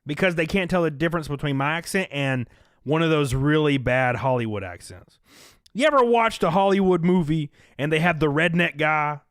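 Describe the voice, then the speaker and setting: A young man with a Southern US accent talks loosely and profanely on a live stream, reacting to chat and donations. His pitch leaps around with animated energy. The sound is dry and close to the mic. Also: normal speed, clean tone, no room sound. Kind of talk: casual live-stream commentary.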